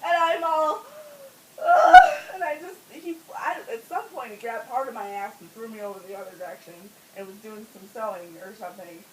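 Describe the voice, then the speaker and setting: A woman telling a comic story at home in a casual, animated way, laughing often and swearing. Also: on the high side, a little fast, few pauses. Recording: roomy echo, distant from mic, faint hiss.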